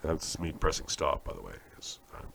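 A man's voice: rumbling low, sing-song, moderate pace, creaky, fairly bright tone, a little hiss or hum. A man from Canada hosting a podcast, rambling through a profane, sarcastic comic rant. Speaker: podcast host.

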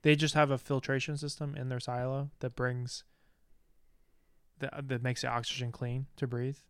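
A man's voice: mid-range voice, little pitch movement, normal speed, a bit bright, smooth, dry recording. Blunt young man, dry close voice. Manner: blunt, swears, laughs often. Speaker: podcast co-host. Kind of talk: casual chat.

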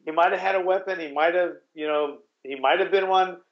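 A man's voice: sits high, brisk. Man rambling through a story, roomy dull sound. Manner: rambling, with restarts and swearing. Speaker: guest telling a story. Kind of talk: casual storytelling.

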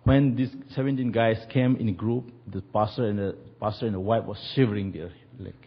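Husky guy preaching, bit high voice, acts out all the voices, dull lo-fi church recording. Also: brisk. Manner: animated, acts out quoted voices. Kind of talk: sermon storytelling.

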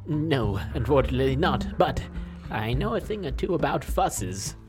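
A man with a lively, swooping voice plays a flustered, stammering character at a tabletop game. He keeps a jokey tone, with music running behind him. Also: mid-range voice, moderate pace. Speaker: player. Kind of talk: comic in-character role-play.

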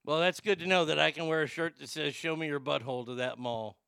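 A male comedy host with a somewhat high, gravelly voice that still rings clear. He rants and rambles excitedly, swears freely and stumbles over restarts. The sound is dry and close, with no room in it. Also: a little fast, dry recording. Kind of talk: crude comedic rant and prank call.

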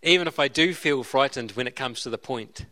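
A man's voice: medium pitch, fairly quick, pushed and bright, natural voice. A man reading as an earnest schoolboy. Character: earnest young English schoolboy.

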